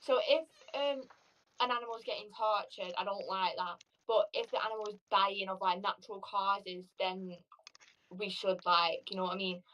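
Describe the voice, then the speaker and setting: A woman's voice: medium pitch, fairly even intonation, moderate pace, a bit bright, muffled recording. A woman chatting with a stranger online, rambling and hesitant, full of fillers. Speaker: stranger on a video chat. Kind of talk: casual chat. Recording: voice distant from the mic.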